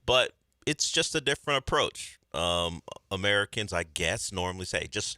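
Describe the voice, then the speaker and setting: A man co-hosting a sports radio show in a studio, explaining his views in a measured, thoughtful way. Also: low-pitched, expressive, pushed and bright, dry recording. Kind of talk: casual sports radio chat. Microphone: studio microphone.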